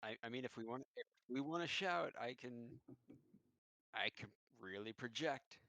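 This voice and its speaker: Gravelly man stammering through his turn. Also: mid-range voice, lively intonation, normal speed, bright, forceful tone, dry recording. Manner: stammering restarts, offhand. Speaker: player. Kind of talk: casual tabletop play.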